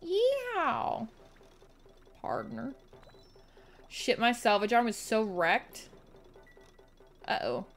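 Speaking slowly with long pauses in a mid-range voice, this woman streamer swears her way through casual video game commentary. She stays animated and reactive, and faint music plays behind her.

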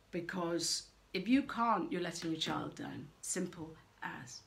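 A middle-aged woman giving frank, animated parenting advice straight to camera, acting out quoted voices as she goes. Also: on the low side, unhurried, creaky, hardly any pauses. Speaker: parenting coach. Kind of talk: direct-to-camera advice talk.

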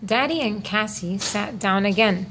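A woman narrating a read-aloud children's story in a clear, measured way. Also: medium pitch, fairly bright tone, slight background noise.

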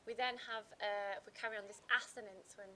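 A woman teacher, talking through a poem in a casual revision chat, pausing often with ums and restarting her sentences. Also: medium pitch, steady tone, bright, forceful tone. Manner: hesitant, many fillers and restarts.

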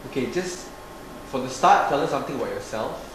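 A man's voice: mid-range voice, lively intonation, a little fast, natural voice. A man interviewing a candidate, giving brief prompting questions. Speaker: casting interviewer. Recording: echoey room, audible noise, off-mic.

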